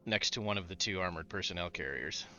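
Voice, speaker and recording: A man's voice: sits low, quick pace, pushed and bright, highs cut off, faint music behind. A man narrating a tabletop game as game master, describing scenes in an easygoing way with fillers.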